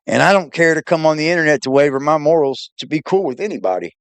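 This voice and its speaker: A man's voice: on the high side, animated, fast, clear, resonant tone, no echo. A man hosting a reaction show, casual, profane and mocking, laughing often. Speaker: reaction channel host.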